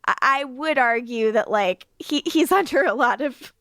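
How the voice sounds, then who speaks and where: A woman with a fairly high voice, recapping episodes on a casual rewatch podcast. She talks in an animated way, acts out the characters' lines and laughs often. The sound is dry and close to the mic. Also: moderate pace, no room sound. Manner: animated recapping with acted quotes and frequent laughs. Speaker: podcast co-host.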